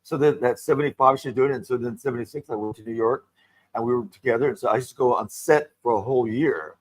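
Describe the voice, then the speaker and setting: An older man, a guest performer, telling animated, gossipy show-business stories in casual chat and acting out the people he quotes. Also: mid-range voice, fast, no room sound, rough recording. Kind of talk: casual storytelling. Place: radio studio.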